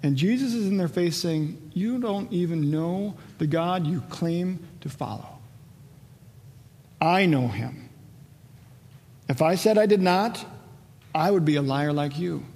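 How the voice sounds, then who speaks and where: A man's voice: on the high side, expressive, unhurried, pauses often, darkish tone. A man teaching a conversational Bible sermon, asking rhetorical questions and acting out the dialogue of the passage. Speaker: pastor. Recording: long hall reverb.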